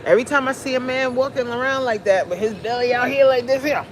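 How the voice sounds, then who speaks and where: A woman's voice: high-pitched, quick pace, a little hiss or hum. A fitness coach, a woman, giving a blunt, preachy, joking pep talk on a live stream.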